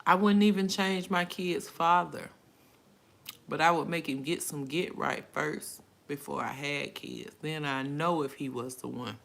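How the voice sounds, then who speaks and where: A woman's voice: sits low, measured pace, vocal fry, fairly bright tone. A middle-aged woman hosting a casual live stream from her phone, reading viewers' comments aloud and answering them in an emotional, outspoken way.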